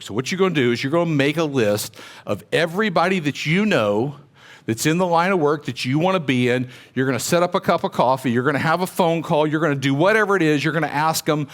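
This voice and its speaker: With a medium-pitched voice, lively intonation, and a brisk pace, a middle-aged man motivates a room of real estate agents. He talks conversationally, recounting personal stories and asking his listeners questions.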